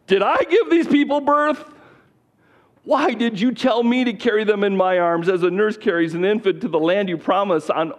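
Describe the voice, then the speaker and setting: A man's voice: high-pitched, pitched above the performer's own voice. A man voicing an exasperated older male prophet at his breaking point, pleading in a strained, indignant voice.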